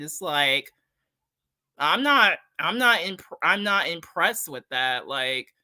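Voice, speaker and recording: A woman's voice: medium pitch, sharp tone, no echo. A woman giving a casual, heated, profane opinion rant to her viewers, blunt and repeating herself for emphasis. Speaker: commentary streamer.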